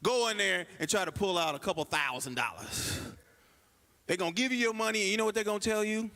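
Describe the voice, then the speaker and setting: A man's voice: sits high, fast talker, vocal fry. A man doing a stand-up comedy set at a church comedy night, telling stories and acting out the people in them. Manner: animated storytelling, acts out quoted people.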